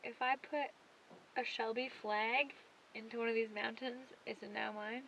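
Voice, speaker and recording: A woman's voice: fairly high pitch, fairly even intonation, moderate pace, creaky, fairly bright tone, highs cut off, a little hiss or hum. A young woman chatting playfully and teasing her partner in a casual travel vlog at a desert camp. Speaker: vlogger.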